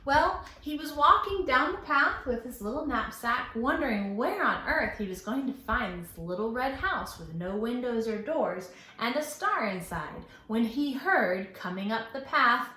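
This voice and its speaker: A woman librarian reading a story aloud to children at storytime, expressive and asking them questions. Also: on the high side, unhurried, hardly any pauses, roomy sound.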